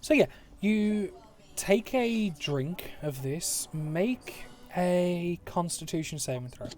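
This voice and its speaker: English West Midlands man, game master, casual swearer, rambling, higher register. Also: expressive, slow pace, darkish tone. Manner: swearing, laid-back, rambling. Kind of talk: narrating a tabletop game online. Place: home, online session.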